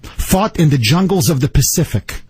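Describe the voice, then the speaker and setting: A man's voice: fairly high pitch, expressive, moderate pace, a little mellow, husky, no room sound. A man hosting a talk radio show, ranting in a combative, sarcastic way into a studio microphone. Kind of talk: political talk radio monologue.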